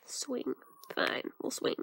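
A woman's voice: slow pace, a bit bright, slight background noise. A woman commentating casually as she plays a game, with sarcastic, grumbling asides. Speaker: let's play host.

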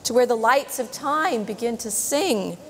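A woman voicing a boastful, stubborn male polar bear in a storybook, with excited exclamations. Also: a little high, unhurried, a little hiss or hum. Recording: long church reverb.

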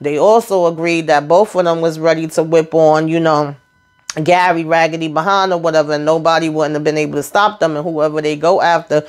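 A woman casually recapping a TV episode, chatty and animated, speaking frankly and mildly cursing as she calls out the characters. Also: low voice, fairly quick. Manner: frank and blunt, with mild swearing. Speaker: TV episode reviewer.

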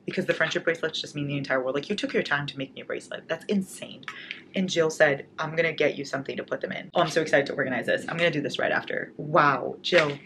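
A woman in her twenties chatting excitedly as a book vlogger, unboxing gifts and reading notes aloud. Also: low-pitched, quick pace. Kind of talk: casual unboxing chat. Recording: noisy home recording.

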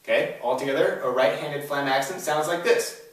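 A man's voice: medium pitch, moderate pace. A man giving a drum lesson, upbeat and explaining step by step, with frequent "all right?" check-ins. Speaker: drum instructor. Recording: very echoey room, voice a bit far from the mic.

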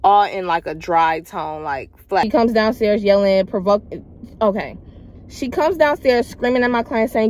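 A woman's voice: medium pitch, moderate pace, a little hiss or hum. A young woman vlogger chatting casually as she tells a personal story, emphatic and rambling, talking straight to her viewers. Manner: animated, emphatic retelling with loud acted quotes; slangy, rambling, addresses viewers as y'all.

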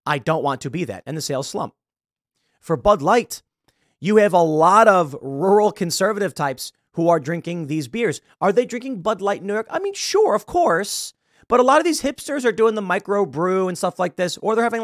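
A man hosting a commentary show talks in a sarcastic, mocking rant, often mimicking the people he criticizes. His pitch jumps around a lot and sits a little high for a man. The studio sound is close and dry, with little room echo. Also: moderate pace. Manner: sarcastic, animated, mocks with put-on quotes. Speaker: host. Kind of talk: opinionated commentary monologue.

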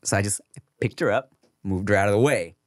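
A man's voice: lowish voice, fairly quick, no room sound, clean studio sound. A young adult man hosting a podcast, telling a story in a casual, slangy way and swearing freely. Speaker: podcast host.

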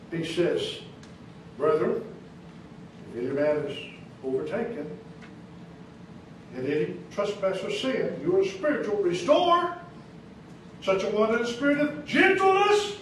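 American man preaching, high lively voice, slow delivery, distant echoey church recording with background noise. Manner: emphatic preaching, rising to high-pitched questions then dropping soft. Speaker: pastor. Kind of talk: sermon. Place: church sanctuary.

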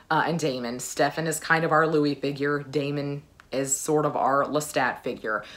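A woman with a low-pitched voice talks casually to her viewers. She gushes with enthusiasm and fills pauses with frequent uh sounds. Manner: gushing, enthusiastic, frequent "uh" fillers. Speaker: book vlogger. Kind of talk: casual chat.

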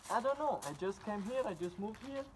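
A young man voicing an excitable, bewildered boy who just moved in, squealing. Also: a little fast, slight background noise. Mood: indignant. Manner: squealing, frantic, very high put-on voice. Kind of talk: comedy sketch.

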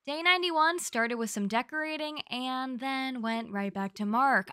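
A young woman narrating a recap of her gameplay in a chatty, gushing, animated way, close to the microphone. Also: high-pitched, unhurried, hardly any pauses, smooth, no echo. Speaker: gaming YouTuber.

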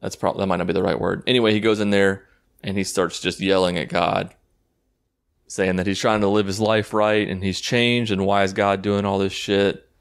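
A man's voice: sits low, level tone, normal speed, vocal fry, clean tone. A man giving a casual, rambling and sarcastic recap of a movie, swearing freely as he goes. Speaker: YouTube movie reviewer.

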